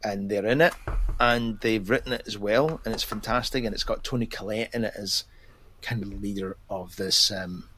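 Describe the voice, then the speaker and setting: A man's voice: lowish voice, moderate pace, a bit bright, a little hiss or hum. A man co-hosting a podcast, chatting casually and laughing easily as he recommends shows. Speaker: podcast co-host. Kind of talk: casual chat.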